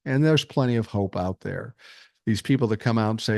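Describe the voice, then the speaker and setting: A man's voice: fairly low pitch, fairly quick, creaky, no room sound, studio quality. A man, hosting a casual livestream, reading chat comments and answering bluntly with plenty of swearing. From Minnesota, USA. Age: 60s. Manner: blunt, frequent swearing, reasonable tone. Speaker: podcast host reading live chat.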